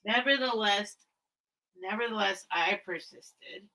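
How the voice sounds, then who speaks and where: Hosting a live vintage sale stream while teary, a woman talks directly to her viewers in a casual, rambling, emotional way. She speaks at a measured pace, medium-pitched, bright, and forceful, through poor audio.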